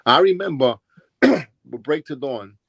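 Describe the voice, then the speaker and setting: A man's voice: a little high, lively intonation, slow pace, gravelly, a bit bright, slightly rough, no echo. A man with a New York accent telling rambling stories in an interview, often restarting and acting out what people said. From Brooklyn, New York. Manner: rambling, with restarts and acted-out quotes. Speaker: interviewee, former b-boy. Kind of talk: casual storytelling interview.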